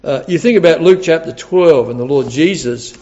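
A man's voice: a little high, normal speed, dark tone. Male preacher, earnest and emphatic, repeats words for weight; dull recording with a hall echo. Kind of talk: sermon.

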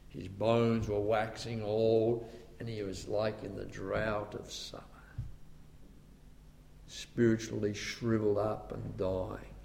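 A man preaching a sermon who swings from loud, rising outbursts to hushed, low tones, with chatty asides between scripture quotes. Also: level tone, slow pace, creaky, slight background noise. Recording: long reverb of a large hall.

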